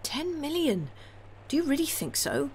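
A woman voicing a greedy, boastful young man who talks eagerly, his questions rising high. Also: sing-song, normal speed, a little mellow, slight background noise.

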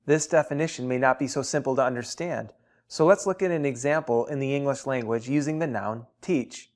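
A man presenting a software tutorial, explaining grammar in a measured, deliberate, teacherly way. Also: fairly high pitch. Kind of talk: scripted explanatory narration.

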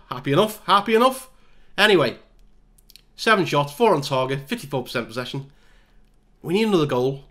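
A man's voice: on the high side, a bit bright. A man giving casual, self-mocking play-by-play commentary over a football management game. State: out of breath. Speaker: gaming YouTuber.

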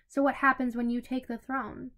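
A blunt young swordsman with a cold, mocking edge, handing out hard lessons in a fanfiction audiobook, voiced by a woman reading the story. He sounds fairly high and firm, never raising his voice for long. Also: flat delivery, normal speed, a bit bright. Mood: stern. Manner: stern, lecturing, mocking.

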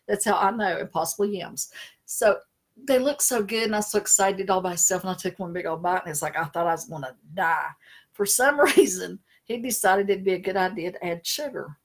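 A middle-aged woman with a mid-range voice talks fairly quickly during a casual live stream chat. As a spiritual consultant and natural storyteller, she often laughs and does animated impressions.

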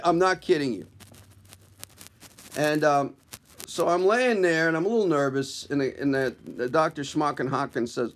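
Brief: male comedian, self-deprecating storyteller, slightly high voice, casual. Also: moderate pace, pauses often. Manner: wry, conversational, self-deprecating. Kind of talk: comic personal storytelling to camera.

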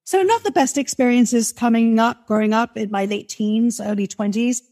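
A woman in her forties from London with a softened English accent, chatting animatedly as an interview guest and laughing often. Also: a little high, moderate pace. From London, England. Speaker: guest, music marketer. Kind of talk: casual interview chat.

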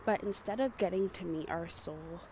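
A woman's voice: on the low side, moderate pace, a little mellow. Chatty woman vlogging outdoors, noisy background. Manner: earnest and chatty, many fillers like "you know". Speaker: spiritual vlogger. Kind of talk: casual spiritual vlog monologue. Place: outdoors among plants and trees.

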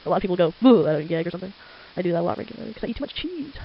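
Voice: mid-range voice, expressive, rapid-fire, vocal fry, slightly rough. A teenager with a stuffy, congested nose, chatting and rambling casually while drawing at home late at night. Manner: chatty, rambling, easily sidetracked. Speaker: amateur artist. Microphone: desktop microphone. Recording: lo-fi with faint hiss.

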